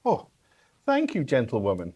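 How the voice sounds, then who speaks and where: A man's voice: mid-range voice, moderate pace, husky. A man playing Mister Wilson, a wry British snake. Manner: wry, teasing, lively. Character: talking male viper, dry-witted and teasing. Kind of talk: radio play acting.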